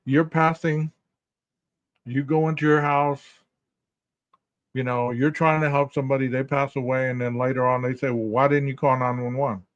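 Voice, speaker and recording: A man's voice: mid-range voice, steady tone, moderate pace, no room sound, muffled recording. Man, rhetorical podcast host. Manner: rhetorical, addresses listeners directly. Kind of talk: casual commentary podcast.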